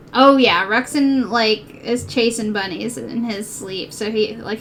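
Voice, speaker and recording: A woman streamer chatting casually while she cross-stitches. She rambles, giggles often and says "like" a lot. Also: fairly high pitch. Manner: giggly, rambling, heavy use of "like".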